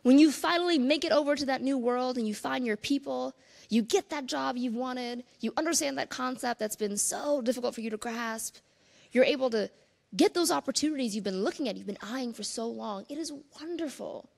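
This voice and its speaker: Earnest woman giving a keynote talk, gravelly. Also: high-pitched, a little fast, darkish tone. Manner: earnest, conversational, with asides to the audience. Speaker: conference speaker.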